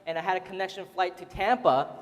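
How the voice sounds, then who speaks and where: A man's voice: high-pitched, fast talker, muffled recording. A man giving a casual, chatty seminar talk to an audience, laughing often and full of fillers. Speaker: seminar speaker. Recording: roomy hall reverb.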